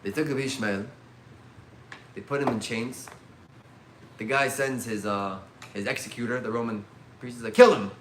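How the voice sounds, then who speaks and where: A man teaching a religious class as a rabbi, telling stories in an animated way and mixing in Hebrew terms. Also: mid-range voice, normal speed, long pauses, noisy background. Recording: echoey room.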